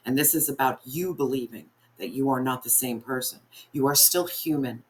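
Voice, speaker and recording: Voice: medium pitch, moderate pace. A tarot reader giving a spiritual reading in an earnest, encouraging way, speaking straight to the viewer and often repeating phrases for emphasis.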